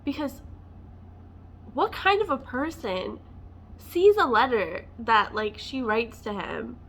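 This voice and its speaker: A woman's voice: fairly high pitch, expressive, slow, fairly bright tone. A woman vlogging a casual, passionate book rant, talking emotionally and filling her speech with "like.". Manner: passionate, emotional, many fillers like "like".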